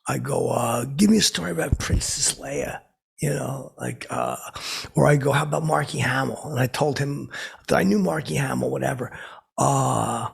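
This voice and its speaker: Casting note: a man playing a washed-up DJ, very gravelly and raspy, rambling and oblivious. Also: mid-range voice, normal speed, exaggerated voice. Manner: rambling, self-interrupting, stammering repeats. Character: boastful washed-up male radio DJ, oblivious. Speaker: comedy podcast host playing a character. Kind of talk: rambling comic storytelling.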